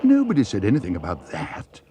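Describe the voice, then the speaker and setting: A man voicing a polite, earnest young bear who talks slowly and carefully, in a storybook reading. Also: fairly low pitch, wildly swooping pitch, dark tone, a little hiss or hum.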